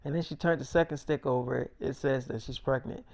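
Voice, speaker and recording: A man's voice: mid-range voice, fairly even intonation, brisk, vocal fry, a little mellow. A man casually telling a story, rambling and swearing while acting out dialogue. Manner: profane, rambling, acts out dialogue.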